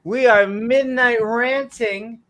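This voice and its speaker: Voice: medium pitch, steady tone, slow pace, fairly bright tone. A host on a livestream show, joking and easygoing between segments. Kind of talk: casual livestream hosting.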